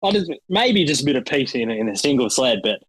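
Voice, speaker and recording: A man, a bobsledder guest on a podcast, easygoing and relaxed, with many ums and "you know"s. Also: medium pitch, fairly quick, breathy edge, dry recording, low-quality recording. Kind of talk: casual interview chat.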